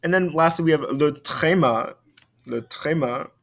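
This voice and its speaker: A man's voice: fairly high pitch, a little slow. A male French teacher giving a recorded video lesson, explaining patiently and repeating key points.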